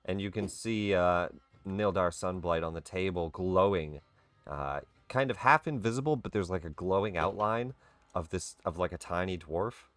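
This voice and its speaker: A man's voice: low voice, moderate pace, fairly bright tone, dry recording, faint music behind. A man running a tabletop game as dungeon master, narrating casually with fillers.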